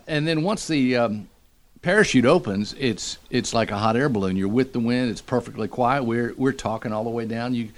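A middle-aged man, a radio morning show host, telling a story in a lively, animated way. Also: medium pitch. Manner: animated storyteller, acts out quotes. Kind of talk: casual storytelling.

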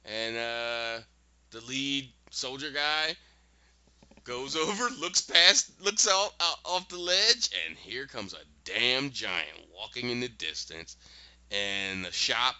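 Male podcast host, casual recap, lively storyteller, sharp bright tone, dry lo-fi sound. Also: medium pitch, clear, resonant tone, no room sound. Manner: animated storyteller with quick asides.

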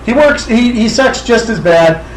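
A man in casual movie-talk banter who swears a lot and breaks into loud, excited outbursts. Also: very high-pitched, measured pace, roomy sound, a little hiss or hum, low-quality recording.

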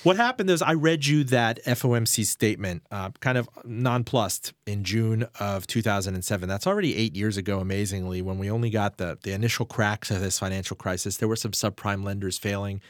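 A man's voice: lowish voice, brisk, hardly any pauses, no echo, clean studio sound. A man hosting a finance interview, asking probing, rhetorical questions and laying out events with dates and figures. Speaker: interview host.

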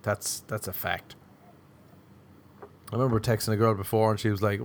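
A man's voice: on the low side, fairly even intonation, moderate pace, a little hiss or hum. A young man hosting a solo podcast, riffing sardonically with frequent swearing and self-mockery. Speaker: podcast host. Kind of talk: solo comedic podcast rant. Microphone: podcast microphone.

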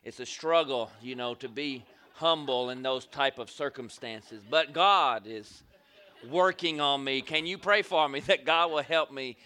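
A man's voice: medium pitch, unhurried, sharp tone. A man, a guest pastor opening his sermon in a church, calling for amens from the congregation. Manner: call-and-response, asks for amens. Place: church sanctuary.

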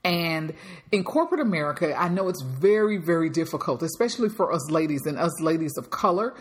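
A woman's voice: deep voice, big pitch swings, a little fast. A woman hosting a motivational podcast, talking in an emphatic, projecting way. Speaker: podcast host.

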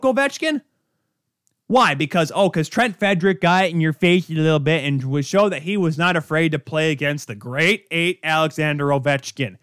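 A man's voice: a little high, a bit bright, dry recording, clean studio sound. A man hosting a sports podcast, ranting in an exasperated, sarcastic way. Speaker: podcast host. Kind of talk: heated sports rant.

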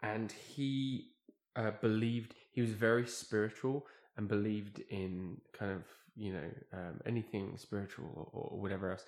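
A man's voice: on the low side, unhurried. Guy telling a long rambly story, keeps restarting, bit of room echo. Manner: rambling, self-correcting, animated storyteller. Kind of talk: casual chat, storytelling. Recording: echoey room.

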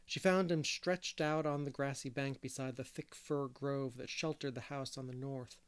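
A man's voice: mid-range voice, fairly even intonation, normal speed, smooth. A man narrating a classic novel aloud as an audiobook reader, with candid, self-deprecating asides.

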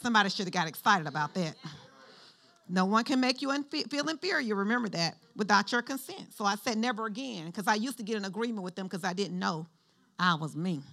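A woman's voice: medium pitch, fairly quick, gravelly. A woman pastor preaching a sermon in a conversational style, calling out prompts for the congregation to answer. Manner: lively call-and-response with the congregation; conversational, shifts between preaching and chatty asides.

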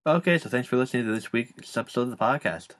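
A young man hosting a casual fantasy football podcast, relaxed and joking, with lots of fillers. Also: medium pitch, quick pace. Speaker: podcast host.

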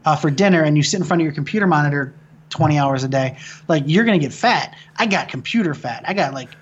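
A man's voice: fairly high pitch, animated, fast, slightly rough, dull audio. A man in his thirties from Michigan, a filmmaker guest telling stories in casual conversation, swearing often and restarting sentences. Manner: rambling, profane storytelling with frequent restarts.

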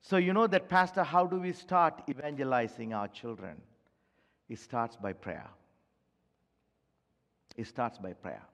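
A pastor preaches a sermon to his church, pleading with the congregation and repeating phrases for emphasis. His medium-pitched voice is a bit bright, unhurried and broken by long pauses. A large hall's long reverb surrounds the recording.

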